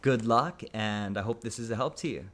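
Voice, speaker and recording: A man's voice: on the low side, moderate pace, fairly bright tone. A man teaching an English lesson on camera, speaking thoughtfully with frequent um and uh fillers. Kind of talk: casual video lesson.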